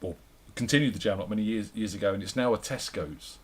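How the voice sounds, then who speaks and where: A man's voice: lowish voice, fast. A middle-aged man, chatting casually as a musician guest on a radio show, rambling and repeating his words. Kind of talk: casual radio interview chat.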